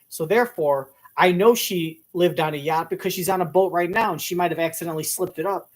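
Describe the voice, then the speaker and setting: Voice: medium pitch, moderate pace. A commentator reacting to a TV clip in rambling comic commentary, crude and overthinking, acting out imagined lines.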